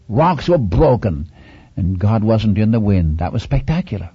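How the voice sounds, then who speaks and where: A man's voice: on the low side, big pitch swings, normal speed, slightly rough, no room sound. A man preaching a sermon, earnest and pleading, retelling scripture dramatically and repeating his key points. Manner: dramatic retelling of scripture, rising on big images. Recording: dull lo-fi recording.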